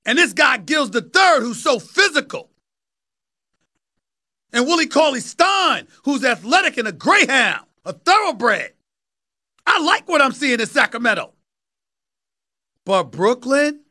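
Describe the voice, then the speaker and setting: A New York City man in his fifties holds forth as a sports talk host in a commentary monologue, his unusually high voice ringing bright and forceful. He preaches emphatically, hammering points home by repeating phrases. His pitch swings widely, and he speaks unhurriedly with frequent pauses.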